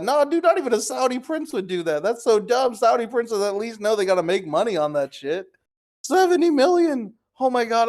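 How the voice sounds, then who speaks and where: Young man, casual streamer, higher-pitched, incredulous, profane. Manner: incredulous, excitable, swearing, addresses viewers as guys. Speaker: crypto streamer. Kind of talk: live screen-share commentary.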